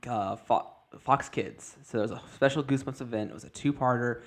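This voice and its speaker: Male podcast host, casual chat, lively storyteller. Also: mid-range voice, fairly quick. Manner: chatty storyteller, acts out quoted voices.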